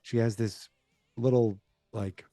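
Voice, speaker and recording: Male podcast host, relaxed and dark-toned, rambling chatty recap, dry booth sound. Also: medium pitch, takes it slowly, dry recording, soft background music. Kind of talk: casual movie recap.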